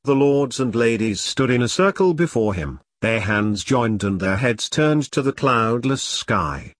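A man narrating a story in a measured storytelling voice. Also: medium pitch, expressive, no room sound, clean studio sound. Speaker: audiobook narrator. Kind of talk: scripted narration.

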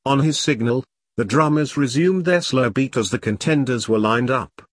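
A man narrating a story in a measured storytelling voice. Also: mid-range voice, no echo, clean studio sound. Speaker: audiobook narrator. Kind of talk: scripted narration.

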